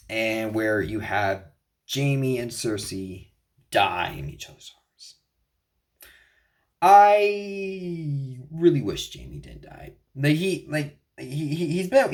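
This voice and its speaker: A young man talking through a TV finale in a loose, unscripted way. He rambles, trips over his words and keeps correcting himself mid-sentence. His voice sits at an ordinary pitch for a man. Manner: rambling, frequent restarts and self-corrections. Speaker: video reviewer. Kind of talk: casual TV show recap and opinion.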